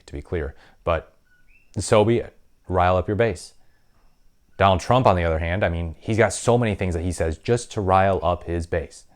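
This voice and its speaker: A man hosting a political commentary vlog, talking in an opinionated, conversational way with frequent ums. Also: sits low. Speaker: political commentary channel host.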